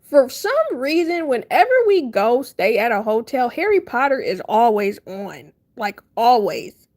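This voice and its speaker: A young woman livestreaming, telling a funny story to her chat in a casual, animated way, laughing often and acting out her panic. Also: fairly high pitch, measured pace. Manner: animated, laughing, dramatic retelling.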